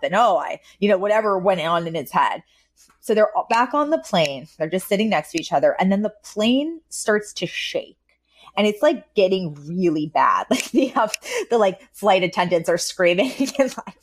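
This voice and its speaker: A woman co-hosting a podcast, telling a story in a chatty, casual way and acting out bits of it. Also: lowish voice. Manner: chatty storyteller, acts out lines, often laughs. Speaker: podcast co-host. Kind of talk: casual chat recapping a sitcom episode.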